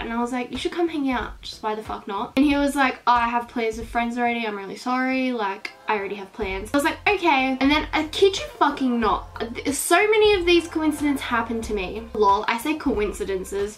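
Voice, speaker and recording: A woman's voice: on the high side, a bit bright. A teenage girl with an Australian accent, chatting casually while doing her makeup at home, ranting with lots of swearing and "like". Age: teens. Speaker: beauty vlogger. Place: at home, indoors.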